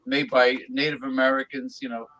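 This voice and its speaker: Halting man in casual chat. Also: medium pitch, very animated, gravelly, crowd noise, poor audio. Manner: hesitant, halting with many fillers.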